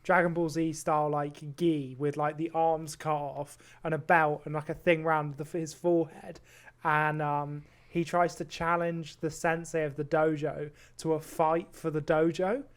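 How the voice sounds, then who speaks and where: A man's voice: fairly high pitch, little pitch movement, a little slow. A man co-hosting a podcast, rambling through anecdotes full of "like" and swearing in a casual chat. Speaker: podcast co-host. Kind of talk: casual chat, animated storytelling.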